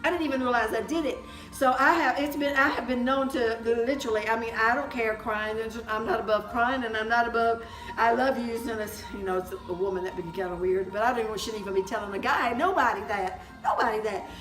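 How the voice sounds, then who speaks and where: Woman co-host, lively laughing storyteller, higher voice, roomy echo, music bed. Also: quick pace, few pauses. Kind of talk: casual chat. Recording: echoey room with music behind.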